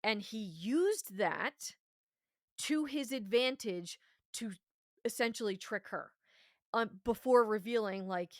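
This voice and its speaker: A woman's voice: on the high side, slow, dry recording. A woman co-hosting a podcast, talking with passion and plenty of emphasis as she reviews an episode. She swears freely as she makes her points. The sound is close and dry, with almost no room around her. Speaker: podcast co-host. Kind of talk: casual review chat.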